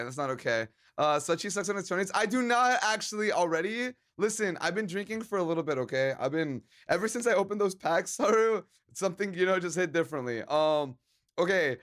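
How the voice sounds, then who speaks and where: Tipsy male streamer, high-pitched, goofy and profane, reading chat and greeting viewers. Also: fairly bright tone. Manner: loose, joking, profane, slips into Spanish words. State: a little drunk. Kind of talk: casual drunk stream chat reading chat aloud.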